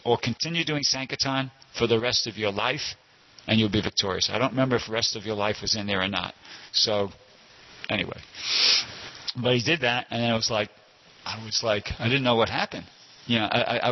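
In a mid-range, slightly rough voice, an older man at a temple class recounts a personal anecdote that keeps wandering. He digresses and corrects himself again and again while telling the informal story, and the recording is dull and lo-fi.

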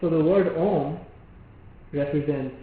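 This devotional lecture comes from a preacher whose voice is pitched fairly high. He explains methodically and pauses after rhetorical questions, while a strongly reverberant hall, a thin phone-like quality, and faint background hiss color the recording.

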